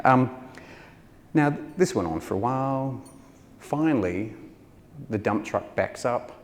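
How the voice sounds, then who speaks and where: Man telling a wry story in a hall. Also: on the low side. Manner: wry, self-deprecating, acts out quoted voices. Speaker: taxidermist giving a public talk. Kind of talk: anecdotal storytelling talk. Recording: hall reverb with faint ambience.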